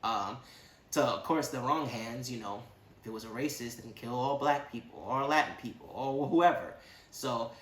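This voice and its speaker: A man giving a casual, rambling movie review with animated, slangy asides. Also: medium pitch, normal speed, echoey room.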